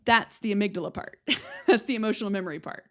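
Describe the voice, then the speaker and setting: A young adult woman, a speech-language pathologist, hosts an educational podcast in a mid-range voice and speaks quickly. She chats casually, explains with analogies, and checks in with listeners using "right?" and "okay?"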